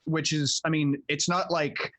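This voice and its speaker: A man's voice: on the high side, little pitch movement, unhurried, fairly bright tone, no room sound. A man, a tabletop game player, chatting casually at home, rambling with many fillers and swearing. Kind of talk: casual chat.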